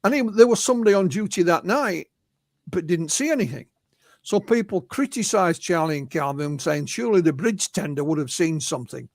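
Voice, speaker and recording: English man, interview guest, high voice and dry sound, chatty storyteller with lots of uhs. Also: animated, fairly quick, no room sound. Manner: recounts witness stories, quoting them in his own voice, with many fillers and restarts. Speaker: interview guest, UFO researcher. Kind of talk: conversational storytelling.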